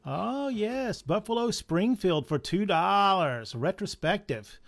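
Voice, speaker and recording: Pricing items during a live comic shop sale, a Southern-accented man keeps up casual, chatty patter full of chuckles and jokes. He speaks slowly in an animated, high-sitting, gravelly voice.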